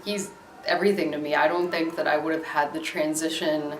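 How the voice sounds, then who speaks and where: A woman's voice: low voice, level tone, a little fast, soft background music. A young adult woman from Maryland, talking casually in a documentary interview with lots of fillers and easy laughter. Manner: casual, chatty, many fillers, laughs easily. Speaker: interviewee, dog owner. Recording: echoey room.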